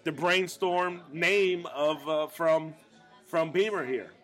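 A man's voice: fairly high pitch, slow, fairly bright tone, faint music behind. A man co-hosting a podcast live in a bar, joking and swearing in casual chat. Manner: joking, swearing, laughs a lot. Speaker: podcast co-host and comedian.

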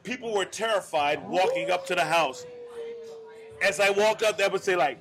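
High, gravelly profane male storyteller. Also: moderate pace. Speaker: podcast host. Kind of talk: casual bar podcast storytelling.

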